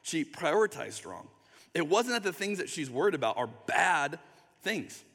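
A pastor delivers a sermon in a relaxed, conversational way, often slipping into quick acted-out voices. His voice is bright and fairly high for a man. It echoes with the long reverb of a large hall. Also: gravelly. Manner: conversational, acts out quick voices, drops to soft tender tones.

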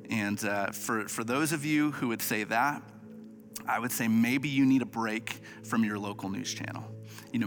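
Guy pastor preaching, earnest n humble, mid-pitch voice, faint music underneath. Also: a bit bright. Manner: earnest, humble, frequent small restarts. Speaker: associate campus pastor. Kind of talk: sermon.

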